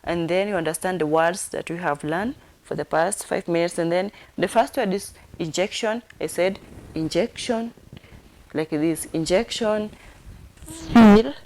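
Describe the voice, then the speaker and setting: A woman's voice: fairly low pitch, a little mellow. A woman teaching sign language, repeating each word and spelling it out letter by letter. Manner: slow, repetitive, spells words letter by letter.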